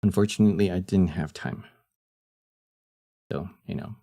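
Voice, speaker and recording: Deep, husky young man streaming casually. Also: normal speed, dark tone. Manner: laid-back, laughs often, trails off with fillers. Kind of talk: casual live-stream chat.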